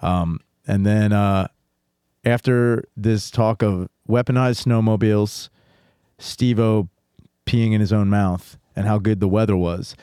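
A man's voice: lowish voice, steady tone, slow pace, dark tone, clear, resonant tone, dry recording, studio quality. A man telling a long rambling story as a podcast guest, with lots of swearing and "like". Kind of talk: casual chat.

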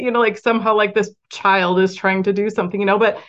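A woman's voice: mid-range voice, steady tone, fast talker, few pauses, fairly bright tone, highs cut off. A woman who works as a mindset coach for parents, talking in a chatty, reflective way with many fillers. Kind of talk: casual interview conversation.

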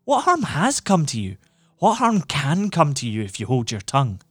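A man reading an audiobook, voicing a cool, cynical man who lectures calmly and persuasively. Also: a little high, moderate pace, no room sound, faint music behind, pitched above the performer's own voice. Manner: calm, smooth, lecturing.

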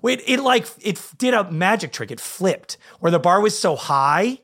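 Animated excitable man co-hosting a chat. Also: sits high, normal speed. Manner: excitable, rambling, voice jumping up when animated. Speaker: podcast co-host. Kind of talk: casual chat.

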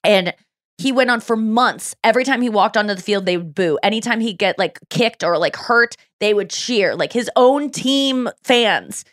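A woman's voice: medium pitch, normal speed, no room sound, studio quality. A woman hosting a podcast, telling stories in a casual chat and acting out the people she quotes. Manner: animated storytelling, quoting others in acted voices. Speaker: podcast host.

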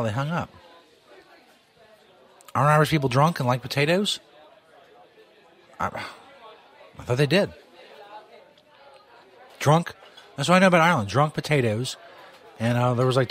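A man's voice: mid-range voice, expressive, normal speed, pauses often, fairly bright tone. A man hosting a live radio show from a pub in a casual, joking way, laughing at his own jokes. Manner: laid-back, joking, laughs at own bits. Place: pub during a live broadcast. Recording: crowd and music behind. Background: rowdy crowd and music.

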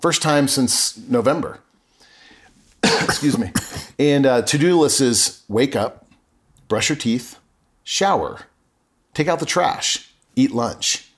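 A middle-aged man speaking as a podcast guest at an ordinary mid-range pitch. He tells his story earnestly and with plain emotion, often stopping to restart a sentence. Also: lively intonation, takes it slowly, pauses often. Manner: earnest and emotional, with frequent self-corrections. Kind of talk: candid personal storytelling.

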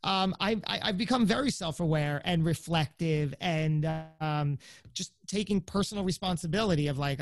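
Brief: forties man, high voice, coaching guest, dry close sound, walks through steps. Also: normal speed, dry recording. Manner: explains step by step, acts out inner thoughts. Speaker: podcast guest. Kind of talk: conversational coaching explanation.

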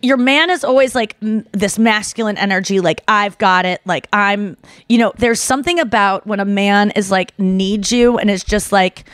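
A young adult woman hosting a podcast, telling a story casually and excitedly, with lots of "like" and acted-out quotes. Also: mid-range voice, normal speed, few pauses, dry recording, studio quality. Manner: animated, excitable, heavy use of "like"; acts out quoted voices. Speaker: podcast host.

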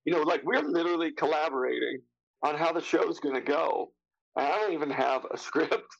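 A man in his fifties, an actor appearing as a guest, tells anecdotes casually in a slightly high, fairly quick, gravelly voice on a lo-fi recording. He's animated, acting out what other people said and swearing freely.

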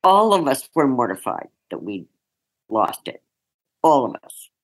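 A woman's voice: very deep voice, sing-song, measured pace, rough recording. A woman journalist telling a field story frankly in an interview, laughing now and then as she speaks. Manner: breaks into laughter while recounting, vivid and frank. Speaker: journalist recalling a field assignment.

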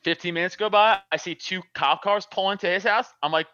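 A man's voice: sits high, steady tone, brisk, sharp tone, smooth, dry recording, lo-fi sound. A man telling a profane, laughing story in casual chat.

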